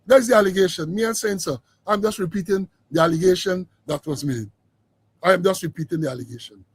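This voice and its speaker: Casting note: emphatic man, drawls key words, high voice. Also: fairly quick, husky, no echo. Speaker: political commentator. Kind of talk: informal political commentary monologue.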